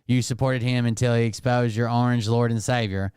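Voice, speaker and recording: A man's voice: mid-range voice, level tone, fairly quick, a little mellow, clean tone, no echo, studio quality. A man doing casual, sarcastic live-stream commentary, mocking and swearing as he reacts.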